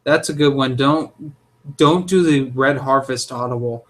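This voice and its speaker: A young man co-hosting a casual chat, opinionated and jokey, with animated delivery. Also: medium pitch, a little slow. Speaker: podcast co-host.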